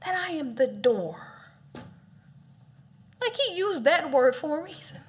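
Female preacher, high and very expressive, casual and funny. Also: unhurried. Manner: animated, playful, laughs often. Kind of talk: casual sermon.

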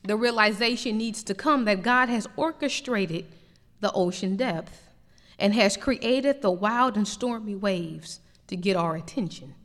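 A woman preacher delivering a lively, emphatic sermon. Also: mid-range voice, a little slow, in a large hall. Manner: animated preaching with rising emphatic peaks.

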